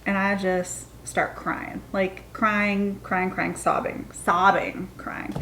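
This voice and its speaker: A woman's voice: medium pitch, slow, slight background noise. A woman in her thirties from the United States, telling a story in a casual, chatty way and acting out the quotes. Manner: chatty, animated, acts out the quotes. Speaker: storytime vlogger.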